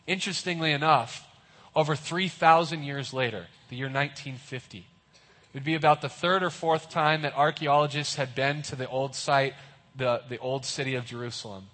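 A man's voice: mid-range voice, steady tone, normal speed, fairly bright tone. A man preaching a sermon, retelling a story vividly and acting out the voices of onlookers. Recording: long hall reverb.

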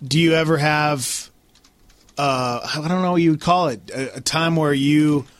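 A man's voice: on the high side, unhurried, no room sound. A man co-hosting a morning radio show, hesitant and full of fillers as he talks. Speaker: radio co-host.

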